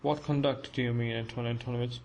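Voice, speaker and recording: A man's voice: mid-range voice, fairly even intonation, fast, a little mellow, natural voice, poor audio. Man reading a timid, pleading clerk. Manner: pleading, flustered. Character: timid, anxious middle-aged clerk, man.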